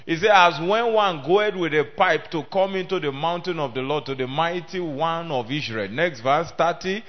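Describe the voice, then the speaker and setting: Male preacher, fairly high voice, declaims loudly and then drops low, draws call-and-response from the congregation, muffled lo-fi recording. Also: moderate pace. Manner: emphatic, swings between loud declaiming and low talk. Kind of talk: sermon. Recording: dull lo-fi sermon recording.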